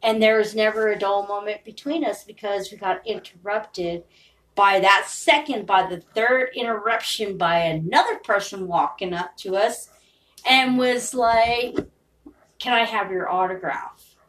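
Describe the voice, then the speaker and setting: A woman's voice: mid-range voice, a little slow, distant mic, noisy background. A woman podcaster in a rambling, profane, confessional monologue.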